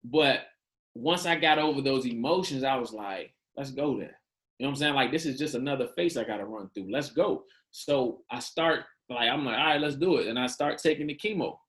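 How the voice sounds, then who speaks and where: A man in his thirties speaks as a podcast guest, telling a personal story in loose, slangy talk. He acts out the quoted dialogue with lively shifts. His voice sits at a middling pitch for a man. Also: brisk. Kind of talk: candid storytelling in an interview.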